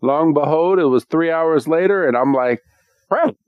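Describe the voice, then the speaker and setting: A man's voice: on the high side, normal speed, smooth, no room sound, phone-quality sound. A man co-hosting a podcast in casual chat, laughing often and talking with many fillers and restarts. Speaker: podcast co-host.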